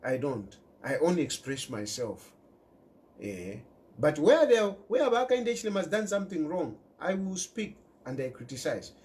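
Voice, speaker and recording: Zambian male commentator speaking straight to camera, insistent and lively in pitch. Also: normal speed. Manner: emphatic, repeats key phrases, mixes in local words. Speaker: political commentator. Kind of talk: impassioned direct-to-camera commentary.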